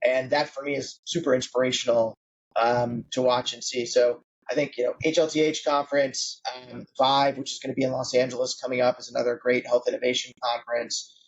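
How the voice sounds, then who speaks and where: A man's voice: medium pitch, flat delivery, brisk, slightly rough, muffled recording. A man in his late forties, a founder being interviewed on a podcast, talking conversationally with many fillers. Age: 40s. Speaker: guest founder.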